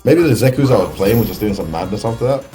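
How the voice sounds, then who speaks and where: Fast, animated British man commentating. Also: on the low side, over music. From United Kingdom. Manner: excitable, chatty, laughs often. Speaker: esports commentator. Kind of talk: live fighting-game commentary.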